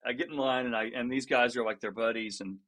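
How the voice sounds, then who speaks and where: A man chatting as a guest on a podcast, telling a story in a loose, lively way. He laughs now and then, doubles back on his words, and acts out what other people said. His voice sits at a middle pitch. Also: quick pace. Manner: laughs often and restarts sentences. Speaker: guest musician. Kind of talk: casual storytelling in a podcast interview.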